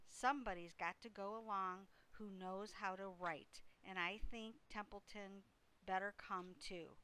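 Gentle wise spider, read by a woman, slow, bright and clear. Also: medium pitch, rough recording. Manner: soft, measured. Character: wise, calm female spider.

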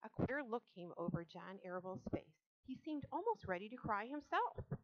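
A woman narrating a children's story in a soft, expressive audiobook reading. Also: on the high side, moderate pace, dull audio.

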